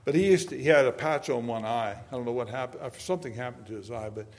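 A man in his seventies preaching a sermon, moving between quiet storytelling and loud, emphatic preaching. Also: mid-range voice, fast talker, hardly any pauses. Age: 70s. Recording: long hall reverb.

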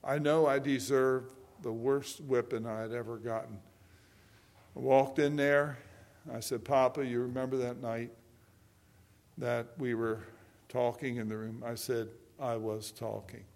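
An older man preaching a sermon, moving between hushed personal stories and loud, emphatic preaching. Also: mid-range voice, fairly even intonation, measured pace. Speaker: pastor.

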